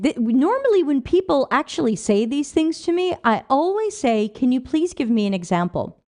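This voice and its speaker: A woman's voice: a little high, a little mellow. A woman hosting a livestream, reading viewer comments aloud and answering them with emphatic rhetorical questions. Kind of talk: casual livestream talk.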